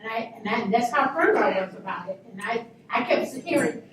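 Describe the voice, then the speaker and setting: Woman, 60s, lively high-pitched storyteller at a luncheon, heard from a distance in a reverberant room. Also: fairly quick, a little hiss or hum. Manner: animated, emphatic, laughing asides. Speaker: panel guest. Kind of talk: anecdotal storytelling. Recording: echoey room, speaker far from mic.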